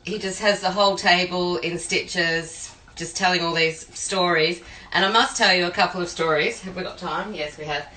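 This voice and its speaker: A woman's voice: lowish voice, fairly even intonation, normal speed, pushed and bright, echoey room, rough recording. An Australian woman who cooks for a living, telling long rambling stories while she makes a pie. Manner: rambling storyteller, talks while cooking. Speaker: home cook and private chef. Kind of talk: chatty cooking demo with anecdotes.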